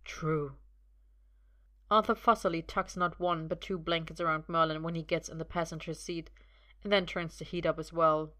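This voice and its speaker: Female storyteller, lower register, bright tone, expressive audiobook narration. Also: brisk. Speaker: reader.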